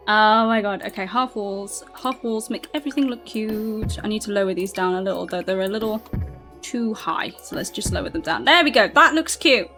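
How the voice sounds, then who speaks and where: This southern English woman with a mixed British accent plays a game and chats casually with her live chat, laughing a lot. Her medium-pitched, fairly bright voice has lively intonation at a normal speed, with soft music behind it.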